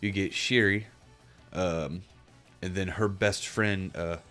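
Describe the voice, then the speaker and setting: Low-voiced man rambling about a game. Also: steady tone, slow, a bit bright, soft background music. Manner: rambling, searches for words, frequent restarts. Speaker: podcast co-host reviewing a game. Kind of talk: casual chat.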